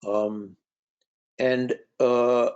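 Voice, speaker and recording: A man's voice: medium pitch, little pitch movement, drawn-out words, darkish tone, clean tone. A man and author giving a conversational talk, telling anecdotes with frequent fillers. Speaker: author and speaker. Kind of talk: storytelling talk. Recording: dull lo-fi recording.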